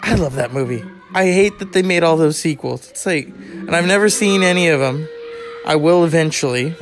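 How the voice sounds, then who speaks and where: A man's voice: fairly high pitch, moderate pace, faint music behind. A man hosting a podcast, rambling casually through anecdotes in a loose storytelling way. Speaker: podcast host. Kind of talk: casual monologue.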